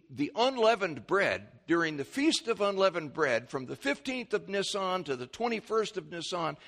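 Male pastor, sermon delivery, animated teaching, slightly higher voice. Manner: animated teaching, rising excitement on key points; reads scripture in King James wording.

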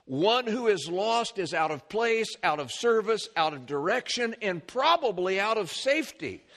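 Animated preaching man, high voice. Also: normal speed. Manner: animated preaching with repeated words and asides. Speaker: pastor. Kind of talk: sermon.

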